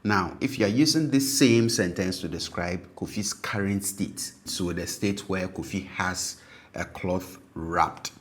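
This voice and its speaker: A very low-pitched man with a Ghanaian accent gives a language lesson. He explains patiently, repeats each word slowly and keeps checking in with his listener. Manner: patient, repeats words slowly with frequent "okay?" check-ins. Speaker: language teacher.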